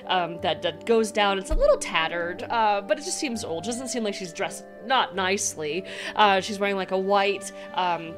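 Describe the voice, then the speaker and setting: Woman dungeon master, chatty narration, mid-pitched. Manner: chatty, hesitant with many ums. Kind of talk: narrating a tabletop game.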